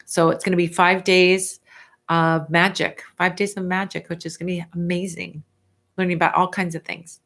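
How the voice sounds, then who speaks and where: A middle-aged woman hosting a casual live Q&A, chatty and animated as she answers viewer questions. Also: fairly low pitch, normal speed. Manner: chatty and animated, stretching words for emphasis.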